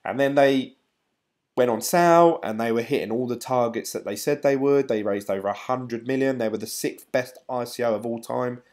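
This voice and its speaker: A man's voice: mid-range voice, moderate pace, a little mellow. A middle-aged man hosting a casual live stream. He rambles in a chatty way and reads out viewer comments. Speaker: crypto YouTuber, live-stream host.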